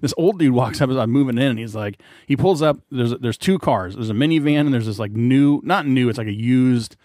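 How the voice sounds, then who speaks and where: A man's voice: mid-range voice, brisk, darkish tone, no echo, clean studio sound. A man in his forties, a podcast co-host, chatting casually, laughing often and swearing freely as he rambles through stories. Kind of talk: casual banter.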